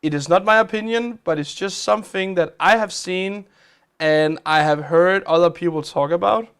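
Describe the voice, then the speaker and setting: A man's voice: high voice, moderate pace, a bit bright, clean tone. A man hosting a game live stream, chatting casually as he plays, with a chatty, rambling manner. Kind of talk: casual live-stream chat while playing games.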